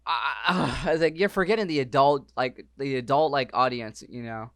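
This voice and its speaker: A man's voice: mid-range voice, normal speed, fairly bright tone, no room sound, clean studio sound. A man hosting a podcast, agreeing and rambling in casual chat.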